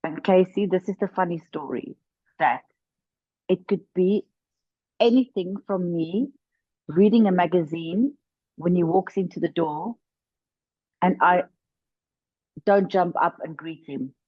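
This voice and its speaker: Low-voiced woman telling her story earnestly. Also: a little slow, pauses often, no echo, lo-fi sound. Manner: earnest, emphatic, repeats words for stress. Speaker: interview guest. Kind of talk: personal testimony in conversation.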